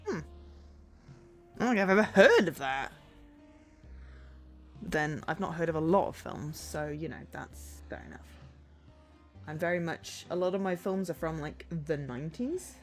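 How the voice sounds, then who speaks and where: A woman streams from home, talking in a loose, rambling, self-deprecating way as she wanders from topic to topic. Her voice sits a little low for a woman. Faint music plays under her talk. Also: expressive, a little slow, long pauses. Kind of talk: casual chat while livestreaming a game.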